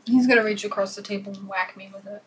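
A woman's voice: medium pitch, steady tone, quick pace, a little hiss or hum, rough recording. A woman playing a board game in casual chat, playfully bossy as she counts units and scolds her partner.

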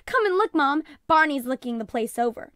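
A woman reading aloud and voicing an eager, excited young girl in a storybook. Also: high voice, a little fast, dry recording, studio quality, voice pushed up.

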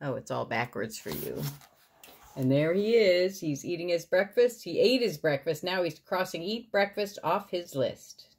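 A woman reads a picture book aloud, slow and unhurried. Her voice rises and falls in a lively way as she points out the pictures. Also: on the low side, slightly rough. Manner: warm, explaining the pictures. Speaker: parent reading to her boy. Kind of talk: storybook read-aloud.

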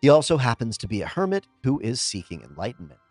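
A man reading out reader-submitted tabletop game stories in a scripted narration, expressive, with pauses for comic timing. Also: medium pitch, no echo, faint music behind. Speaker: story narrator.

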